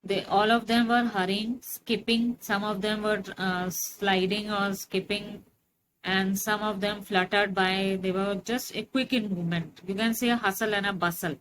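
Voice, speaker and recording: A woman teacher, reading a story aloud and explaining it in a slow, explanatory way with many fillers. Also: medium pitch, steady tone, fairly bright tone, a little hiss or hum, poor audio. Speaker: English teacher.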